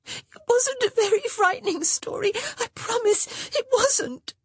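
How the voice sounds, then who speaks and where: A woman voicing a tearful younger sister, high and sobbing as she speaks. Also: lively intonation, a little slow, no room sound, studio quality. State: crying.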